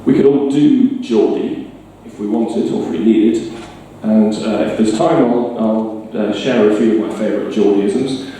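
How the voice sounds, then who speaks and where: A man's voice: lowish voice, measured pace, hardly any pauses, warm tone, distant mic, a little hiss or hum. A middle-aged man from Northeast England with a mild northern accent, giving a wry, self-deprecating talk to a live audience. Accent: mild northern English. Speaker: storytelling speaker. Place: bar. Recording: roomy bar sound from afar.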